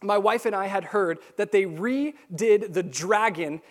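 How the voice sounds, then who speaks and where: Animated high-voiced male preacher. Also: unhurried. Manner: animated storytelling with acted-out quotes. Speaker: pastor. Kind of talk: sermon.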